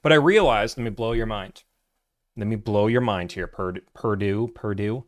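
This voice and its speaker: A man's voice: lowish voice, normal speed. A man, hosting a livestream from his office, chatting casually and teasing the chat with sarcasm. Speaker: livestream host, car buying broker.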